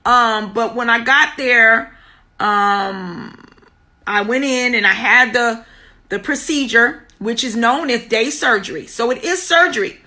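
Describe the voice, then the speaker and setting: Middle-aged woman, high and bright, personal and earnest, teaches and testifies to a live audience. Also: a little slow. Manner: personal, greets viewers by name mid-story; earnest, repeats key words for emphasis. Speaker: womb healing teacher.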